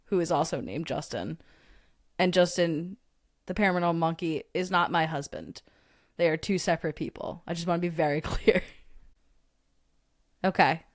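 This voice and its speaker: A woman's voice: on the low side, dry recording. Chatty woman livestream host, dry sound. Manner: chatty, laughs often, joking asides. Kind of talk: casual livestream chat reading comments.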